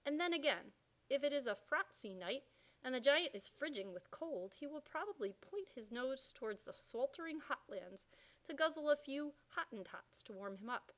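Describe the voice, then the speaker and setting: A woman's voice: high voice, animated, normal speed, fairly bright tone. A woman voicing a huge, kindly old male giant who speaks in mangled grammar and made-up words. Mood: earnest.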